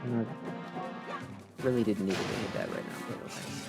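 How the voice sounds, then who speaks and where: A man streaming a game live, commenting excitedly and in mock outrage as he talks to his chat. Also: on the low side, measured pace, vocal fry. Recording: game music behind voice. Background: game music.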